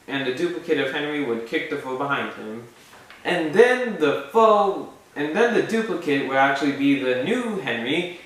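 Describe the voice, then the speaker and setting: A video maker with a medium-pitched, slightly bright voice casually pitches a fan moveset idea, rambling with frequent asides and self-corrections. The room is very echoey and the mic sits far off.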